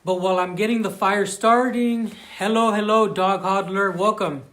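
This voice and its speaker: A young man with a Southern Californian accent and a fairly high voice, talking loosely to his livestream audience. He restarts sentences often and breaks off to thank viewers. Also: steady tone, normal speed, a bit bright. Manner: chatty, thanks viewers, frequent restarts and fillers. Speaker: livestream vlogger. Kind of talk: casual live-stream chat. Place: outdoors on a rural plot.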